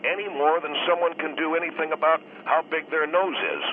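A man calling in as a guest author, defensive and halting, restarting his sentences often. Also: a little high, steady tone. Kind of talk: call-in radio talk. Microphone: telephone. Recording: tinny phone line with faint hiss.

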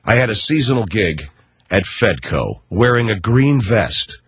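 Husky, rambling radio host. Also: male voice, on the low side, big pitch swings, a little slow, fairly bright tone, no room sound. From Los Angeles area. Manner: rambling, sarcastic storytelling. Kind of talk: radio talk monologue.

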